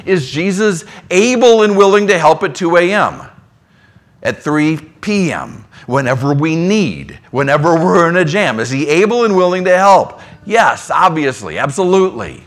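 A man preaching a sermon in a conversational way, dropping into soft low asides between emphatic lines. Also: animated, normal speed. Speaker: pastor.

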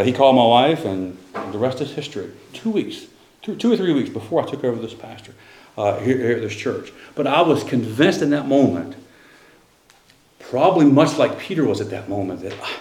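Conversational pastor preaching in a roomy church. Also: male voice, medium pitch, darkish tone, a little hiss or hum. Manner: conversational storytelling with restarts. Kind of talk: sermon. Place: church sanctuary.

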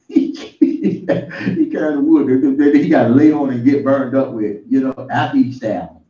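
A man's voice: mid-range voice, measured pace, dark tone. A man preaching an informal sermon in a folksy storytelling way, building up to exclamations. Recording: distant, echoey, muffled room recording.

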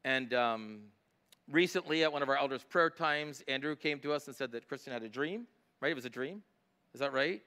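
A middle-aged male pastor preaching a sermon, emphatic on scripture and quieter when telling personal stories. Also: mid-range voice, brisk, clean tone.

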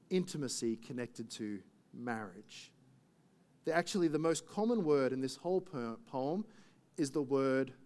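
A man's voice: mid-range voice, darkish tone. A man preaching a sermon in a conversational way, full of asides and rhetorical questions. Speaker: pastor.

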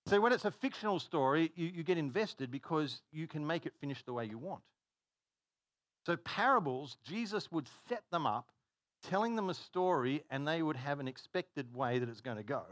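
A man's voice: on the high side, dry recording, clean studio sound. A man preaching a conversational sermon, telling stories, stopping himself mid-sentence and acting out dialogue. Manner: chatty, self-interrupting, acts out dialogue.

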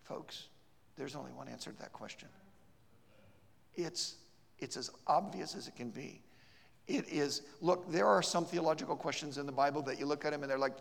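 Gravelly preacher in a reverberant church. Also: male voice, fairly high pitch, normal speed. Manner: emphatic, repeats words in restarts, storytelling. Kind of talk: sermon. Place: church sanctuary.

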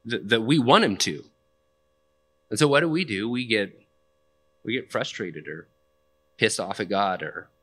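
A man's voice: lowish voice, a bit bright. A young man preaching a sermon in a conversational, plainspoken way, with casual asides. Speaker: pastor.

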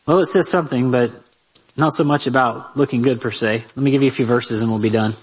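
A man teaching a conversational Bible lesson on parenting, lively and talking straight to his listeners with rhetorical asides. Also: medium pitch, quick pace, slightly rough, low-quality recording.

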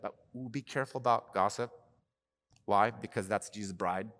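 A man preaching as pastor of his church, telling stories in a conversational way that breaks into loud, animated bursts. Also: on the low side, normal speed. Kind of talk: sermon. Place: church sanctuary. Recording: long hall reverb.

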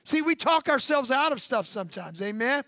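A man's voice: extremely high pitch, animated, moderate pace, sharp tone, no echo. A male pastor preaching a sermon in punchy repeated phrases, drawing call-and-response from the congregation.

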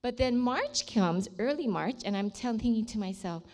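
A woman's voice: on the high side, expressive, moderate pace, a little mellow. A woman sharing a personal faith testimony with emotion, sometimes dropping to a near-whisper at dramatic moments. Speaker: ministry leader sharing a testimony.

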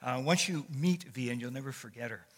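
A man's voice: medium pitch, moderate pace. Older man preaching in an echoing hall. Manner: warm, conversational storytelling with frequent fillers. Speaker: guest speaker. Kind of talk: sermon. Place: church sanctuary. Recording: long echo of a large hall.

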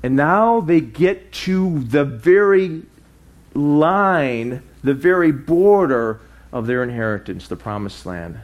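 A man preaching a sermon, with lively swings in pitch and loudness, dropping low and soft for emphasis. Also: takes it slowly, lo-fi sound. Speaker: pastor.

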